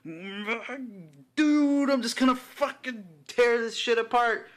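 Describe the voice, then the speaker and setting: A man voicing an enraged clawed male fighter, growling and cursing in loud bursts. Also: mid-range voice, expressive, normal speed. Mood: raging.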